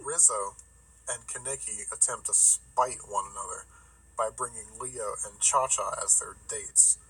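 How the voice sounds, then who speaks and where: Bright man recapping a plot, dry and wry. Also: fairly low pitch, fairly even intonation, measured pace, slightly rough, rough recording. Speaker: podcast co-host. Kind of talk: casual chat and plot recap.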